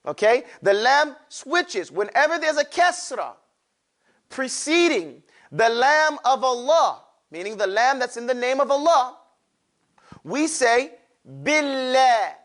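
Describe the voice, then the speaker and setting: A man's voice: very high-pitched, very animated, unhurried, a bit bright. A man teaching a classroom lesson, drawing out sounds for students to repeat and adding playful asides. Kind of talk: classroom lesson with call-and-response drills.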